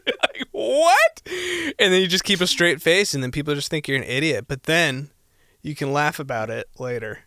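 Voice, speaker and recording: A man's voice: fairly high pitch, big pitch swings, moderate pace, sharp tone, no room sound, studio quality. A man co-hosting a podcast, chatting casually with his friend in laid-back banter. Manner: laid-back banter, says dude a lot. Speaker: podcast co-host. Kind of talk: casual chat.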